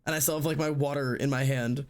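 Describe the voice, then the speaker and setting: A man's voice: mid-range voice, fairly even intonation, fast. A male streamer telling a story in casual chat, rambling with lots of fillers and acting out what people said. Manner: rambling, filler-heavy, acts out quotes.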